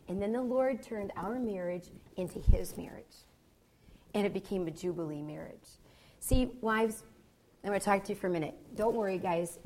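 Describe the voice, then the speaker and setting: A woman's voice: mid-range voice, darkish tone, slight background noise. A woman speaking to married couples at a seminar. She is gregarious and a bit goofy, and she keeps checking in with the audience by asking "okay?". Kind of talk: teaching talk to married couples.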